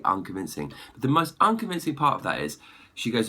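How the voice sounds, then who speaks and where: A man giving an exasperated, opinionated film review rant, clearing his throat often. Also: lowish voice, big pitch swings, fast, bright, forceful tone. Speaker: movie reviewer.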